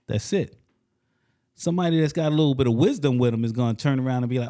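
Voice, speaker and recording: A man's voice: on the high side, animated, quick pace, dark tone. A man co-hosting a casual podcast, telling emphatic stories and acting out the dialogue. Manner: emphatic storyteller, acts out dialogue. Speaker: podcast co-host.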